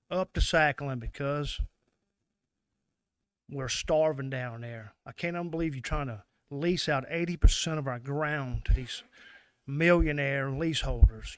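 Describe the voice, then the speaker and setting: A man's voice: mid-range voice, dry recording. A man from Mississippi with a Southern US accent, an oyster fisherman giving an angry, emotional public comment at a meeting.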